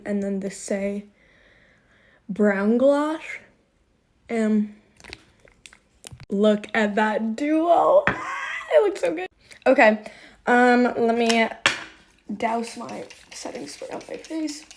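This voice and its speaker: A woman's voice: a little high, darkish tone, a little hiss or hum. A young woman chatting casually as she does her makeup, talkative and bubbly, with lots of "like"s. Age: young adult. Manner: chatty, bubbly, filler-heavy with many "like"s. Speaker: beauty vlogger. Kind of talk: casual get-ready-with-me chat.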